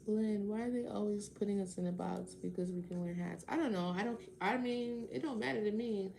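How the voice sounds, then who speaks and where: Sarcastic woman with a gravelly voice. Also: mid-range voice, moderate pace, pauses often, warm tone, a little hiss or hum. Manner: sarcastic, talks back to chat commenters; swears casually. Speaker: tarot reader answering a live chat. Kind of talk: casual livestream chat.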